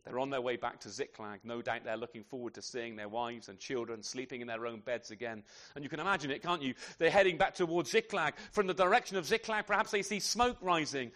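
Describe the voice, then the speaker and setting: A man's voice: medium pitch, fast, a bit bright. A man preaching a sermon in a conversational way, often adding rhetorical tag questions.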